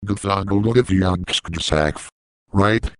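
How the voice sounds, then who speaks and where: A man in a hotel room chatting casually and prompting his friend to read, in a slow, deliberate way. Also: deep voice, a bit bright, smooth, no room sound, rough recording. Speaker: co-host prompting the reader. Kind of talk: casual chat.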